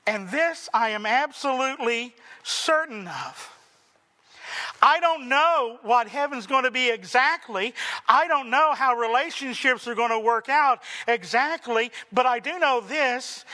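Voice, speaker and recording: A man's voice: very high-pitched, pushed and bright. A man preaching a sermon as pastor, emphatic, with rhetorical questions and building lists.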